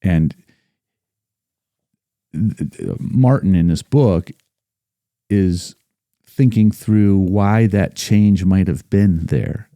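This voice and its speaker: Emphatic man with a dark, dry voice. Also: low voice, extremely slow, pauses often, dry recording. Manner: emphatic, recites passages with rising force. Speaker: battlefield guide, podcast guest. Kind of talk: casual podcast discussion.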